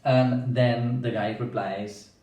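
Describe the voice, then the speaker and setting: A man's voice: mid-range voice, steady tone, slow pace, mellow, distant mic. A man explaining a language lesson as a teacher, checking in with the listener by often asking "yeah?". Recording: echoey room, away from the mic.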